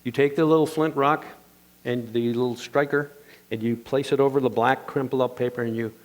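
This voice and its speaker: A man preaching a sermon as pastor, playful and animated, calling on the congregation to answer back. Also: mid-range voice, brisk, slight background noise.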